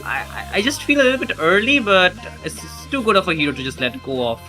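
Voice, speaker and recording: A man commentating a live esports match with a bright, forceful voice. He mixes earnest analysis with playful teasing and easy laughter, with faint music behind. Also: high voice, very animated, fast. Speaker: esports caster.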